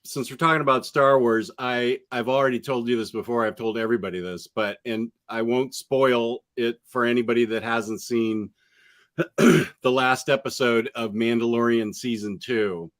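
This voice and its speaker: A man's voice: medium pitch, fairly even intonation, normal speed, a bit bright, no room sound. Earnest man in a casual podcast chat.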